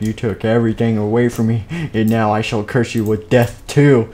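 A man's voice: fairly low pitch, little pitch movement, normal speed, hardly any pauses, warm tone, slight background noise. A man narrating a game live stream, jumping between plain storytelling and playful character voices.

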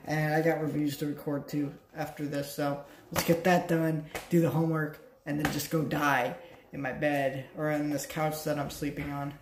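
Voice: mid-range voice, little pitch movement, normal speed, a little hiss or hum. A tired young adult vlogger talking casually at home late at night, rambling and self-mocking with frequent restarts. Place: at home, by a couch. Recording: roomy, echoey room.

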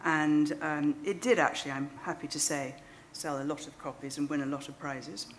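A woman's voice: low-pitched, fairly even intonation, normal speed, a little hiss or hum. A woman in her fifties telling a self-deprecating, wry story to a live audience. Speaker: speaker at a storytelling event. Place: stage before an audience.

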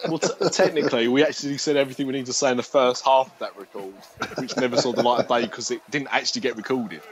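A man's voice: medium pitch, steady tone, fast talker, a crowd in the background, low-quality recording. British man rambling through a joking chat. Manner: rambling, joking and swearing, laughs often. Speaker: podcast host. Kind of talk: casual podcast chat.

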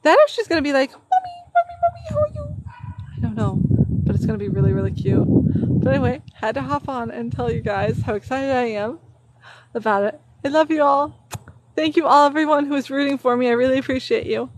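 A woman's voice: high-pitched, a little fast, a little hiss or hum, poor audio. Bubbly woman chatting on a livestream. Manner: bubbly, gushing, excited. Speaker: performer and content creator. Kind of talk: casual livestream chat. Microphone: phone livestream.

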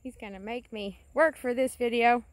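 This woman narrates a laid-back farm vlog outside, calling sweetly to a puppy in a sing-song way. Her fairly high voice keeps a steady tone at normal speed, captured in clean studio quality without echo.

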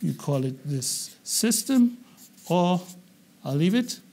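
A man from England teaching a public speaking class, animated and asking the students questions, often repeating himself. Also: high voice, slow. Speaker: English public speaking trainer.

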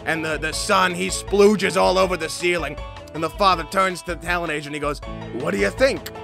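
A man's voice: high voice, steady tone, brisk, creaky, fairly bright tone, faint music behind. A man playing a tabletop game, telling a long bawdy joke in character and laughing. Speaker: player.

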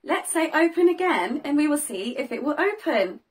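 A young woman teaching toddlers, talking in a slow, sing-song way with big gasps and cheerful praise. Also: high voice, very animated. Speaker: children's teacher. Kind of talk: toddler learning video.

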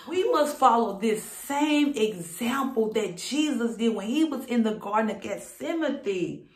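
A woman preacher giving a fervent sermon to camera, repeating her points and building excitement. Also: a little high, measured pace. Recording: roomy echo.

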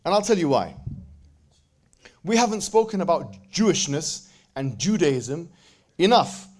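A man speaking at a religious event gives a lively lecture to a live audience, joking and bantering with the crowd and quoting verses in quick Arabic recitation. His voice is a little high.

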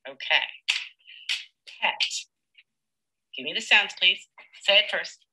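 A woman teacher leading a live demonstration lesson with a child, patient and encouraging, slowly sounding out words. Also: medium pitch, expressive, pushed and bright, husky, low-quality recording.

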